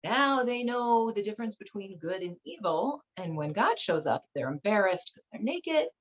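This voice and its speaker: A woman's voice: mid-range voice, very animated, moderate pace. A woman hosting a show, talking in a chatty, irreverent way with lots of fillers. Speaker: host. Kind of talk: casual commentary. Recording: slightly dull lo-fi audio.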